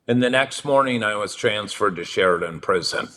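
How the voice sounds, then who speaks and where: A man who is a podcast guest, telling profane, animated stories and chuckling between them. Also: medium pitch, normal speed, few pauses. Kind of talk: casual storytelling.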